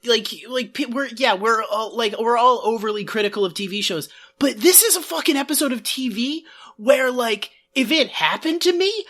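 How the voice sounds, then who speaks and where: A woman's voice: a little high, animated, moderate pace, a bit bright. A woman co-hosting a comedy podcast, rambling sarcastically with lots of filler words. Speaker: podcast co-host. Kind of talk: casual comedy podcast chat.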